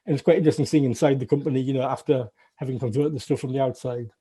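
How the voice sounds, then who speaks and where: A man's voice: mid-range voice, fairly even intonation, racing, mellow, breathy edge. A middle-aged man with a Northern English accent, chatting in an interview with wry, self-deprecating humour and many restarts. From Northern England. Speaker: guest, former games programmer. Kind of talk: casual interview recollection.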